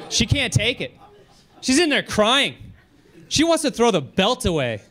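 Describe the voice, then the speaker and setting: Male stand-up comic, high-pitched voice, very lively intonation, animated storytelling, comedy club stage. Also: moderate pace, pauses often. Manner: animated storytelling, jumps to high excited delivery, breaks into laughter.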